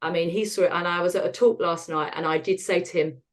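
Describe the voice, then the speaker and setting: A woman, a podcast guest talking frankly about hard times, laughing at the dark parts. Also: lowish voice, steady tone, fast talker. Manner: frank and self-deprecating, laughs at dark moments. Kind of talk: candid conversational storytelling.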